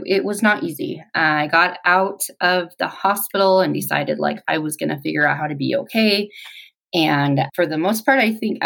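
A woman in her forties telling her personal story in an interview, reflective and halting, with pauses. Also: deep voice, vocal fry, poor audio.

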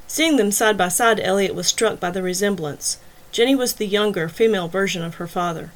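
A woman's voice: medium pitch, a little fast. Woman narrating an audiobook thriller. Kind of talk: scripted narration.

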